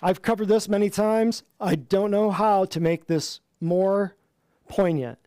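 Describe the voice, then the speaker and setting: A man's voice: high-pitched, fairly even intonation, unhurried, mellow, clear, resonant tone, no room sound. A man teaching a natural health class in an emphatic, repetitive lecture style, often asking the room questions.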